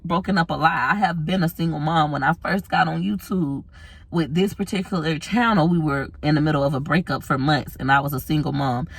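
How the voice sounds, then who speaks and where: A woman in her thirties vlogging, candidly telling a personal story to camera, tearful, with long pauses. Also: sits low, slightly rough, dry recording. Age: 30s.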